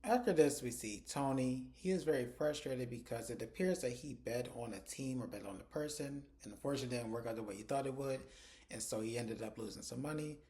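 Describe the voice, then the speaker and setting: A man's voice: mid-range voice, brisk, mellow. A man giving a casual recap of a TV episode, retelling it chattily through quoted dialogue. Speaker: TV episode reviewer.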